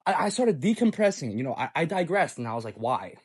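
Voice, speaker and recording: A young man relates a personal story in a loose, profane storytime monologue. His pitch swings widely as he gets excited, and he often stumbles into repeated restarts. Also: fast talker, husky.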